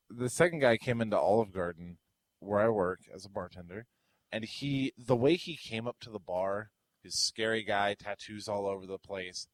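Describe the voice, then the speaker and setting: A young man co-hosting a podcast, telling a story in casual chat and acting out the quotes with loud, rising outbursts. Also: on the low side, dry recording, low-quality recording. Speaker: podcast co-host.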